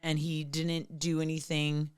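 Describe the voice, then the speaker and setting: A woman's voice: low-pitched, completely flat delivery, a little slow, clean tone, no echo, clean studio sound. A woman in her thirties talking candidly and profanely as a podcast guest, full of "like" fillers. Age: 30s. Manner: frank, profane, many "like" fillers. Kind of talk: candid casual chat.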